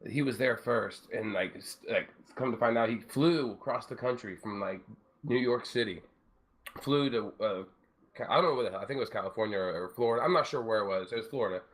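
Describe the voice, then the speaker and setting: A man's voice: lowish voice, brisk. A young man co-hosting a casual show, telling long rambling stories full of fillers. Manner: rambling, animated storytelling with many fillers. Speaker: show co-host. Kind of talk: casual podcast chat.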